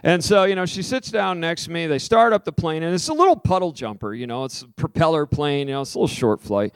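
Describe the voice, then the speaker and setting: A man's voice: a little high, clean tone, no echo. Male preacher telling a story, dry sound. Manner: storytelling with lively acted-out quotes; soft, slow prayerful invitation. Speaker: pastor. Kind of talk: sermon.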